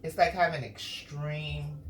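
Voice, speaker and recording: A woman's voice: low-pitched, fairly even intonation, slow, slight background noise. A woman chatting casually while grooming her dog, coaxing and fussing at her and explaining each step. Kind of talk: casual grooming commentary and instructions. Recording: echoey room with music.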